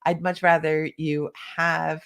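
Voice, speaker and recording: Low-pitched woman, workshop coach on a live stream, encouraging, occasional cough. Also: flat delivery, takes it slowly, vocal fry, a bit bright, smooth. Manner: encouraging, reads chat comments aloud. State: coughing now and then, sipping tea. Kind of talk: live online workshop talk.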